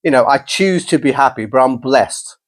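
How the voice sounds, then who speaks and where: Upbeat, animated middle-aged man. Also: medium pitch, normal speed, no room sound. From England. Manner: animated, enthusiastic storyteller. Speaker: podcast guest, college principal. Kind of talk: casual podcast interview.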